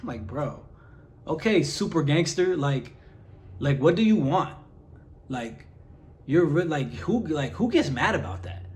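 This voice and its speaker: In a direct-to-camera rant, an exasperated man peppers his followers with rhetorical questions and plenty of "like" fillers. His fairly high, darkish voice is very animated yet a little slow, with long pauses.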